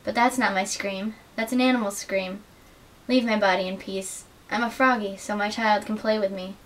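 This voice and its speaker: A young adult woman giving an earnest, measured dramatic reading of literary excerpts as a student reader. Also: medium pitch, steady tone, a bit bright. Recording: distant mic with faint hiss.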